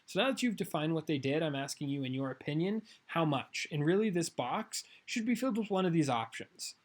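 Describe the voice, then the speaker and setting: A man teaching a class, taking students through a worksheet and often checking in with a quick "right?". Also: on the high side, lively intonation. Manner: talks to students, adds "right?" often and reads documents aloud. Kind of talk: classroom lesson, going over a worksheet.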